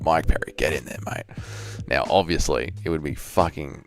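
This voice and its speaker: A low-voiced Australian man talks loosely and profanely to his livestream chat. His voice is deep and gravelly, with faint music underneath. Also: expressive, moderate pace. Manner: crude, profane banter, reads out chat. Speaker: streamer.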